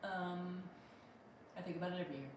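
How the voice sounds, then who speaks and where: This woman comedian, from Pittsburgh, chats through a casual livestream, reading viewer comments aloud and rambling with frequent restarts. Her lowish voice is steady in tone and brisk, captured by a distant mic in a very echoey room over a faint hum.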